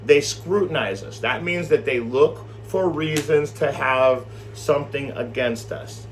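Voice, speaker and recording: A man teaching scripture in a loose, animated way, rambling and swearing as he tells a story. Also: medium pitch, a little slow, faint music behind. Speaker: Bible study teacher.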